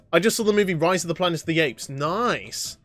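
A man's voice: on the high side, lively intonation, normal speed, fairly bright tone, soft background music. A young man livestreaming gameplay, reading chat questions aloud and answering them with frequent laughs and sudden outbursts. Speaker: gaming livestreamer. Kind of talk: live gameplay commentary.

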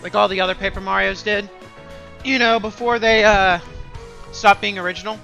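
A man giving loud, excitable let's-play commentary, gasping and cracking crude sarcastic jokes, with game music faintly behind. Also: high-pitched, normal speed, vocal fry. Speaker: gaming streamer.

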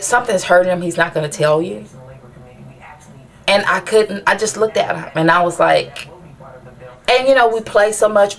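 Woman, mid-pitched, talking straight to camera as a frustrated mother, rambling with lots of restarts. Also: creaky. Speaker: mother asking viewers for advice. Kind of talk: personal venting vlog.

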